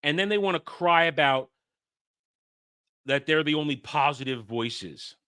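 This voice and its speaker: A man's voice: on the high side, expressive, unhurried, pushed and bright, clear, resonant tone. A man hosting a livestream, ranting in a heated way with frequent stumbling restarts. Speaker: host.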